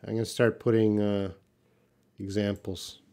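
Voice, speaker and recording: A man's voice: fairly low pitch, little pitch movement, measured pace, dark tone, clear, resonant tone. A man teaching English in a live question-and-answer class, reading out viewer comments and explaining them patiently with short example sentences.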